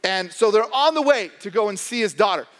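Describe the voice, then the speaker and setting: A man preaching a sermon as pastor, animated and joking, acting out the voices of characters in the stories he tells. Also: high voice, fairly quick. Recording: long hall reverb.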